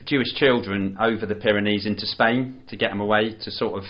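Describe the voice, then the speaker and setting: A man's voice: fairly low pitch, fairly even intonation, brisk. Rambling man on a lo-fi podcast. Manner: rambling, full of restarts and "you know". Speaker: podcast co-host. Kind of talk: casual chat reviewing a film. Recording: dull lo-fi podcast audio.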